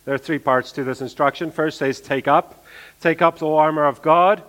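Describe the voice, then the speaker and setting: A man preaching a sermon, repeating key phrases and swinging between emphatic lines and quiet asides. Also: a little high, steady tone, brisk.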